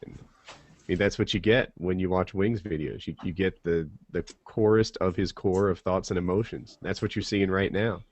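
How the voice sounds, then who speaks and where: A man giving measured commentary on a live call-in show. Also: low-pitched, fairly even intonation, lo-fi sound.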